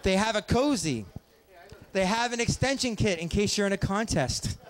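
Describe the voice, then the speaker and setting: High-voiced man doing pub stand-up. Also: normal speed. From Ontario, Canada. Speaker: stand-up comic. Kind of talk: stand-up comedy set. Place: small pub stage.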